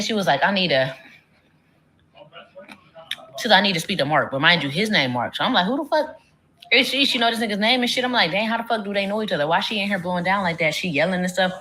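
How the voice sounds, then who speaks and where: A woman streamer telling a long, profane storytime tale in a casual, animated way, her voice jumping high for quoted lines. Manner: animated, profane, dramatic voice swings.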